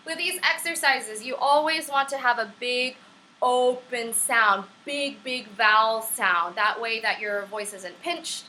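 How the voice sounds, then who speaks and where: A woman's voice: fairly high pitch, a little slow, pushed and bright, poor audio. A young woman at home teaching a casual online singing lesson, chatty, encouraging and prone to tangents. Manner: upbeat and encouraging. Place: at home on camera.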